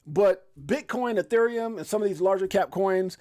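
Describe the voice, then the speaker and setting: A man hosting a casual live stream, excitable and joking, often exclaiming as he runs through prices. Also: high-pitched, moderate pace. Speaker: crypto live stream host.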